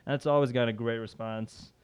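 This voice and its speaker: A man chatting as a podcast guest, easygoing and self-deprecating. He restarts his sentences often and talks at a normal pitch. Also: fairly even intonation, brisk, clear, resonant tone. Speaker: podcast guest, magician and improv performer. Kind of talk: casual podcast chat.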